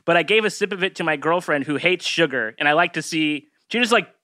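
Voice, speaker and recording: A man's voice: fairly high pitch, fast talker, pushed and bright, no echo, clean studio sound. A man guesting on a podcast, chatting casually and laughing often. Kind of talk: casual chat.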